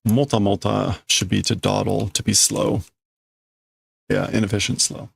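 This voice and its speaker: A man's voice: lowish voice, level tone, measured pace, creaky, breathy edge, no room sound, studio quality. A man casually translating manga on a live stream, thinking aloud, correcting himself and chuckling as he works out meanings. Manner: musing, self-correcting, chuckling.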